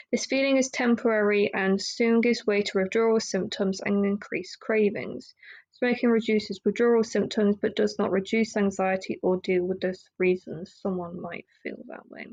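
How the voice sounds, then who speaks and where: A woman's voice: medium pitch, darkish tone, rough recording. A young woman hosting a casual solo podcast, talking candidly and rambling with lots of fillers and restarts. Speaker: podcast host.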